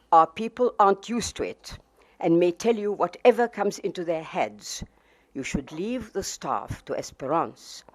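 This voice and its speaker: A woman's voice: low-pitched, darkish tone, exaggerated voice. A woman reading aloud the lines of a smug, scornful middle-aged male official, in a mocking and condescending manner.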